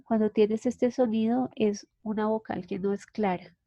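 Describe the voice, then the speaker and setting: A woman's voice: mid-range voice, steady tone, warm tone, no room sound, muffled recording. Colombian woman teaching English, patient. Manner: patient, explains slowly with restarts. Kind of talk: online class explanation.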